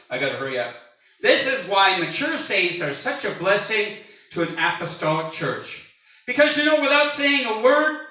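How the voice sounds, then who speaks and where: A man in his early sixties preaching with a high, ringing, very bright voice. He jokes and builds to shouts, and he sounds set back from the mic in a reverberant church hall. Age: 60s. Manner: animated, jokey preaching with rising shouts. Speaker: pastor. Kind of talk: sermon. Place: church sanctuary. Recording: echoey church hall from far off.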